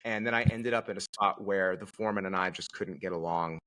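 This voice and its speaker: Male podcast guest with a bright, forceful voice and a slightly low pitch, animated storyteller. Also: brisk. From Connecticut, USA. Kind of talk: casual conversational storytelling.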